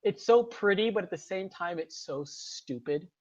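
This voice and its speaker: A young man co-hosting a podcast in casual chat, animated and slipping into mock voices. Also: high-pitched, moderate pace, dull audio, a loud crowd. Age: young adult. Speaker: podcast co-host.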